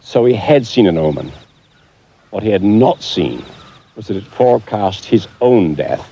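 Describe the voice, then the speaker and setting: A man presenting a documentary, telling a story in a measured, deliberate way. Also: on the low side, very animated, gravelly, dark tone, breathy edge, muffled recording. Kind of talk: scripted documentary narration.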